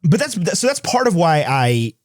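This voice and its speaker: A man co-hosting a movie podcast in casual chat, rambling quickly and laughing as he tells stories. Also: on the high side, big pitch swings, dry recording, studio quality. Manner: fast, rambling, laughs while telling stories. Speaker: podcast co-host.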